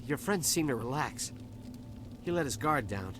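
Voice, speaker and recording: A man's voice: medium pitch, expressive, normal speed, noisy background, lightly acted. An actor playing a nervous male dock worker and smuggler in a video game, stammering and defensive. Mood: shaken. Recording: game audio with music behind.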